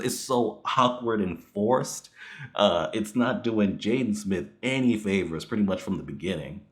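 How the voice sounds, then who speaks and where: A man's voice: fairly low pitch, animated, a little slow. A man giving a casual spoken movie review, rambling and chuckling as he goes. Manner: rambling, with frequent chuckles and fillers.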